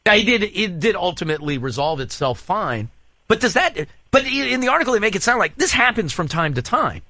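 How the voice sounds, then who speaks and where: A man hosting a morning radio show, telling stories in rambling, animated casual banter with frequent restarts. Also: high voice, brisk, dry recording. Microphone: studio microphone.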